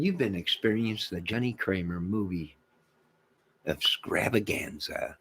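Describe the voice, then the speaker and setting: A man's voice: sits low, unhurried, slight background noise. Man ranting in a rambling monologue. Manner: emphatic, repetitive, swings between loud declarations and muttered asides. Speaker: channel host. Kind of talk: rambling rant to camera.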